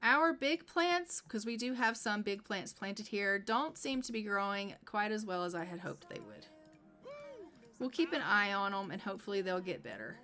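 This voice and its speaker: A woman's voice: medium pitch, expressive, moderate pace, bright, forceful tone, soft background music. A woman streamer narrating a life-simulation game casually, chatty with many fillers.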